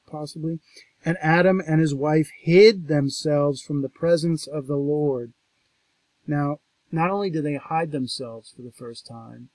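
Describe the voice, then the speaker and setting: A man's voice: medium pitch, no room sound. Man reading scripture and commenting, dry sound. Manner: reads quoted verses louder and slower, then explains conversationally; thinking aloud with restarts and asides. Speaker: lecturer on scripture.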